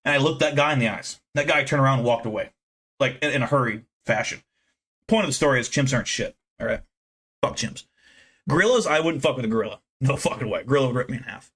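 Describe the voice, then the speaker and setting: A man's voice: mid-range voice, quick pace, fairly bright tone, slightly rough. Casting: young American man, brash profane streamer, rambling brag. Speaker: livestream host. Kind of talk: casual livestream chat.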